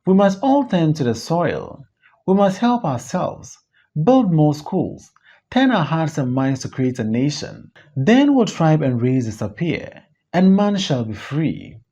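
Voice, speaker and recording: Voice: medium pitch, big pitch swings, measured pace, mellow, breathy edge, exaggerated voice. A reader voicing a fiery young male leader who speaks in a commanding, preaching way, on a dull lo-fi recording. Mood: rousing.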